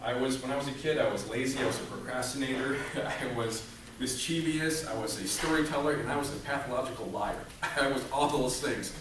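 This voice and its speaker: A man's voice: medium pitch, a little fast. A man giving a comedic motivational talk to a staff audience, joking and conversational, asking the room rhetorical questions. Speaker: motivational speaker. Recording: very echoey room, mic far off, background noise. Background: audience laughter.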